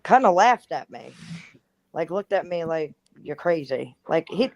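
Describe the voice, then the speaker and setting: Woman in her 30s spinning a creepy story, lots of "like", lowish voice. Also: animated, a little slow, darkish tone, highs cut off. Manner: chatty, heavy use of "like", acts out quotes. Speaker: guest storyteller. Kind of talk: casual storytelling.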